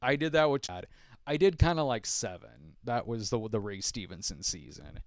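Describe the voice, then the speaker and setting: A middle-aged male podcast host with a mid-range, animated voice answers viewer questions in a casual live stream chat at a moderate pace. He rambles, restarts sentences often, uses lots of fillers and chuckles along the way. The studio-quality recording has no echo.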